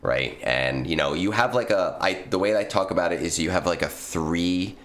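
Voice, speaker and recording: A man's voice: low voice, animated, normal speed, fairly bright tone. A man streaming, giving casual, blunt game advice, swearing freely and using plenty of fillers. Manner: blunt and profane, with frequent fillers.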